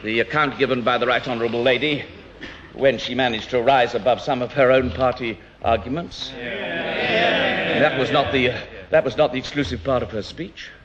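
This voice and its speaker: A man speaking in a parliamentary debate as an opposition politician, rhetorical and emphatic, with pauses and restarts. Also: mid-range voice, fairly even intonation, crowd noise. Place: House of Commons debating chamber. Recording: dull archive parliamentary broadcast.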